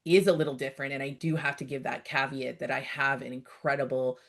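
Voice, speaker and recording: A woman's voice: extremely low pitch, a little fast. A middle-aged woman from Canada in a casual interview, telling stories and acting out bits of dialogue. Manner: lively storyteller, acts out quoted dialogue. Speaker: outdoor educator, guest.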